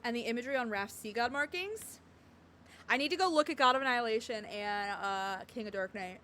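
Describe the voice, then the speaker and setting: A woman's voice: a little high, a little fast, bright, forceful tone, a little hiss or hum. A young woman streaming a game, chatting and reading lines aloud, laughing and snorting often. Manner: giggly, bursts into laughter and snorts.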